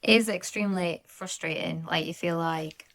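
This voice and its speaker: A woman co-hosting a podcast, telling stories in a measured way in casual chat. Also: fairly low pitch, steady tone, a bit bright. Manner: measured, laughs often while recounting. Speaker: podcast co-host.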